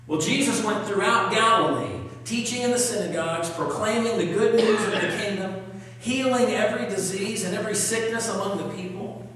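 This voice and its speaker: A pastor with a high, slightly bright voice preaches a sermon, reading scripture aloud and putting questions to his congregation. He sounds distant, recorded in an echoey hall.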